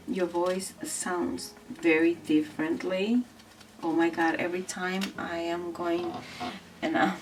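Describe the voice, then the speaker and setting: A woman chatting casually and self-deprecatingly while coloring, talking softly toward a camera mounted overhead. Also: fairly low pitch, gravelly, slight background noise. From grew up in the Netherlands from age thirteen. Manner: self-deprecating, rambling, laughs often. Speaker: art vlogger. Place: indoors at a desk. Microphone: camera overhead, some distance away. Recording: distant camera mic with music behind. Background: soft background music.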